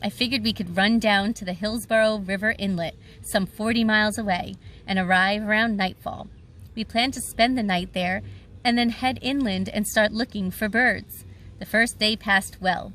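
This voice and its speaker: A woman's voice: medium pitch, steady tone, moderate pace, fairly bright tone. Woman reading a children's novel. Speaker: audiobook reader. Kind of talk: scripted first-person narration.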